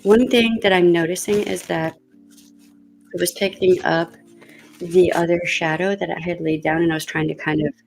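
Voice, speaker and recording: A woman's voice: on the low side, fairly even intonation, normal speed, vocal fry, soft background music. A woman vlogger chatting casually while doing her makeup, thinking aloud with fillers and coughing now and then as she gets over a cold. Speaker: beauty vlogger.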